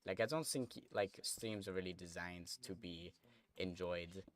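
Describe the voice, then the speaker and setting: Low-voiced young man chatting while gaming. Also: a little slow. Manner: rambling, chatty, reads chat aloud while playing. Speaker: streamer. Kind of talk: casual gameplay stream chatter.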